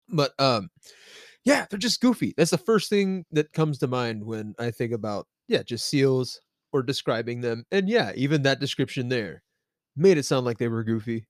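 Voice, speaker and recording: A man's voice: mid-range voice, dry recording, studio quality. A man co-hosting a podcast in casual chat, goofy and joking, often stumbling and restarting. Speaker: podcast co-host.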